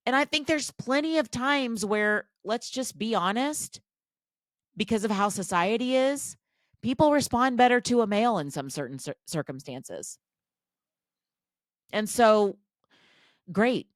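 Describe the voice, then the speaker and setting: A woman's voice: medium pitch, lively intonation, unhurried, long pauses, dry recording, clean studio sound. A woman hosting a podcast, talking in a casual, chatty, self-deprecating monologue full of restarts and asides. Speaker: podcast host.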